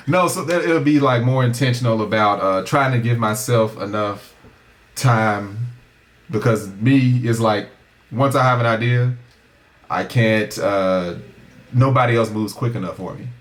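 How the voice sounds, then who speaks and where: A man co-hosting a podcast in relaxed casual chat, laid-back and quick to laugh. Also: medium pitch. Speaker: podcast co-host.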